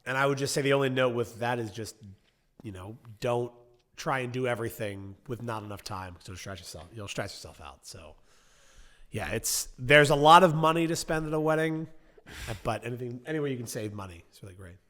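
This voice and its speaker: A man's voice: medium pitch, lively intonation, brisk, fairly bright tone. Casual man reading wedding tips. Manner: reads tips aloud then riffs, swears casually. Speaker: podcast co-host.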